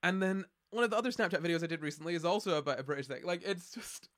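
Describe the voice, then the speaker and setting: A man's voice: sits high, racing, fairly bright tone. A man from Scotland with a Scottish accent, chatting casually on a live stream in a rambling, sardonic way. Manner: rambling, sardonic, many restarts and fillers. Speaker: streamer answering chat.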